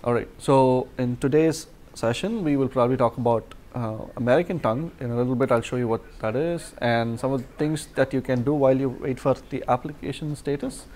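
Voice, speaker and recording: A man's voice: medium pitch, a little fast, darkish tone. Man hosting a live advice session. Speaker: education advisor, session host.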